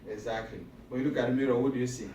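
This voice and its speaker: A man delivers a motivational talk to a room of high school students, hammering each point through repetition and questions to the crowd. His voice carries from well away from the microphone and rings around an echoey hall, with a faint hum of room noise underneath. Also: steady tone, very fast, warm tone. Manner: emphatic and repetitive, asks the audience questions. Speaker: motivational speaker. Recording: echoey room recorded from a distance.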